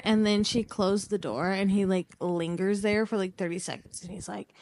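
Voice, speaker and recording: A woman's voice: medium pitch, moderate pace, few pauses. A young woman in her twenties co-hosting a podcast, chatting casually and acting out the people in her stories with lots of laughter. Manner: animated storytelling, acts out quoted people, laughs often. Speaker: podcast co-host. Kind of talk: casual chat.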